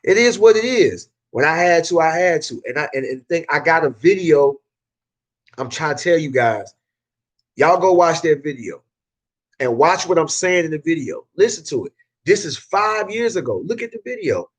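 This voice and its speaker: A man with a Southern accent speaks casually to his viewers in a slightly higher-than-usual voice. He repeats phrases for emphasis and often restarts mid-sentence, sharing hard-won business lessons. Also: sing-song, moderate pace. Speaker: car detailing business owner. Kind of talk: casual advice talk to camera.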